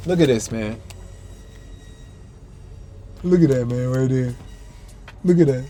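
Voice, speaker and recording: A man's voice: mid-range voice, a little slow, long pauses, darkish tone. A man hosting a casual food-tasting vlog from the back seat of a parked car, chatting to viewers while he chews and hums his approval. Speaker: food vlogger host. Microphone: camera-mounted mic, a little far off.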